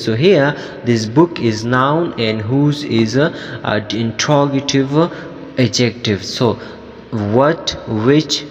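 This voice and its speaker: A man teaching a grammar lesson as an English teacher, talking in a halting way with many fillers and restarts. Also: mid-range voice, in a large hall.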